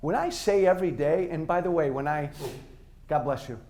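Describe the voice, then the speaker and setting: Speaking straight to college students in a university hall, a middle-aged political speaker delivers an impassioned, unscripted and blunt address. He has a slightly high, slightly mellow voice and keeps a moderate pace.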